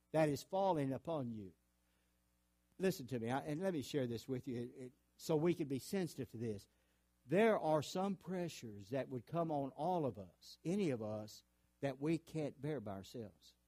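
A man's voice: medium pitch, darkish tone, dry recording. A man preaching a sermon in an earnest, conversational way, often restarting his words.

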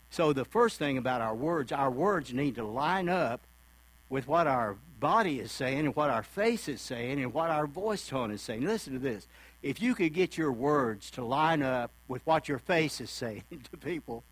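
A man's voice: mid-range voice, no room sound, poor audio. A male preacher giving a sermon in a folksy, conversational way, acting out the voices of people he quotes.

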